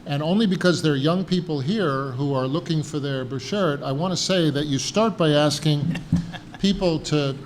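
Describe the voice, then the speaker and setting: A man's voice: fairly high pitch, normal speed, slight background noise. A man speaking on a conference panel, wry and anecdotal, acting out voices as he tells a story. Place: conference hall.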